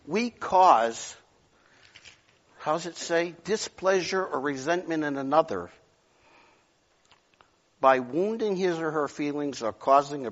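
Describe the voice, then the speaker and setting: A male pastor preaching a sermon, telling stories and swinging from loud outbursts to near whispers. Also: a little high, expressive, slow, long pauses, dull audio.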